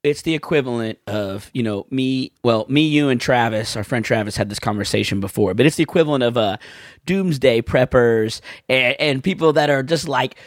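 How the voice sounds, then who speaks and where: A man co-hosting a podcast in casual chat, animated and laughing often. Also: medium pitch, moderate pace, no echo, studio quality. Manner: animated, laughs often, slips into silly voices. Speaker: podcast co-host.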